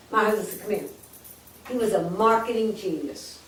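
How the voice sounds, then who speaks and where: A woman in her eighties telling her life story to a live audience, lively and jokey, acting out quotes. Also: medium pitch, normal speed. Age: 80s. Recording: echoey room, distant mic.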